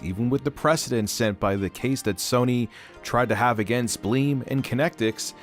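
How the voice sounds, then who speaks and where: A man's voice: mid-range voice, moderate pace, faint music behind. A man hosting tech commentary, ranting in a sarcastic, mocking way. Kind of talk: opinionated commentary.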